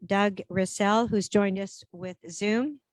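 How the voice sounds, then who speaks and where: A woman chairing a regional council meeting in a brisk, procedural way, switching between English and French. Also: mid-range voice, steady tone, no echo. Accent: Canadian French-English bilingual.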